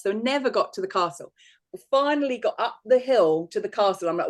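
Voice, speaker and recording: A man's voice: high-pitched, normal speed. Chatty guy telling stories, rambling, laughing often. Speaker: psychic medium, host. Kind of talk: casual reminiscing chat.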